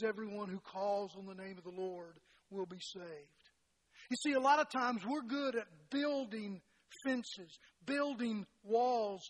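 A man's voice: extremely high pitch, a bit bright, rough recording. A middle-aged man preaching a sermon as a pastor, folksy and self-deprecating, often restarting his phrases and peppering them with "you know". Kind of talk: sermon with personal stories.

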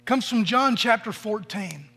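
A man's voice: sits high, animated, measured pace, vocal fry, pushed and bright, husky. A middle-aged man preaching a sermon as a pastor, telling stories in a conversational way and acting out the quoted voices. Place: church sanctuary. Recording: long reverb of a large hall.

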